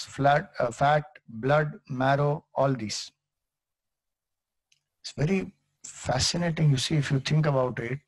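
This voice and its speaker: A man's voice: fairly high pitch, a little mellow, no room sound, rough recording. A man with an Indian accent giving a spiritual lecture, explaining patiently and telling stories with acted-out quotes. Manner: mixes in Hindi phrases. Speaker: Vedanta teacher.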